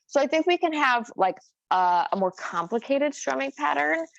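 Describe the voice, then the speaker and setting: A guitar teacher gives a casual lesson, thinking aloud and using plenty of fillers as she explains. Her high voice is expressive and creaky at a moderate pace, with no echo, and her own guitar playing sounds in the slightly dull recording.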